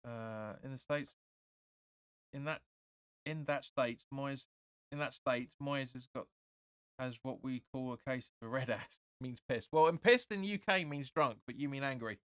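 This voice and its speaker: Opinionated fan calling a match live. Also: male voice, mid-range voice, measured pace, clean tone, no echo, studio quality. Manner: excitable, opinionated, keeps saying "sorry, but no". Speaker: fan watch-along host. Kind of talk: live match commentary with chat reading.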